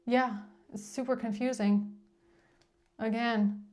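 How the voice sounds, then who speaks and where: Woman, tarot reader, high voice, blunt, exasperated, swears, rambling casual monologue. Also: fairly even intonation, slow, darkish tone. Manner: rambling, with frequent restarts and filler "like".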